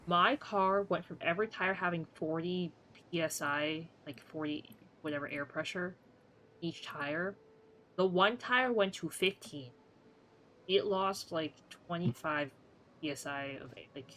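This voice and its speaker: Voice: medium pitch, pushed and bright, poor audio. A streamer chatting casually on a live game stream, telling a rambling story full of fillers with a playfully sarcastic edge. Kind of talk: casual livestream chat.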